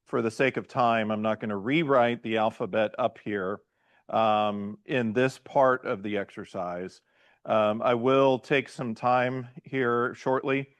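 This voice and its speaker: Slow, patient man teaching a class. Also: medium pitch, dry recording. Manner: quizzes students, often checks with "right?" and "okay?". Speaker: pastor teaching a Hebrew class. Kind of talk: classroom lesson.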